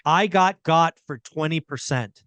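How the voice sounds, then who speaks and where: A man's voice: a little high, measured pace, a bit bright, clean tone, dry recording. A middle-aged man hosting a podcast, talking casually and emphatically and repeating his key points. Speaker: podcast host. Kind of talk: casual real estate chat.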